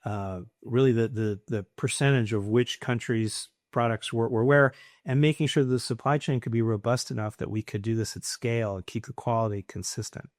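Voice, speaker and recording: A middle-aged man, an entrepreneur guest on a podcast, telling casual stories with lively anecdotes and acted-out dialogue. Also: medium pitch, moderate pace, hardly any pauses, no room sound, clean studio sound.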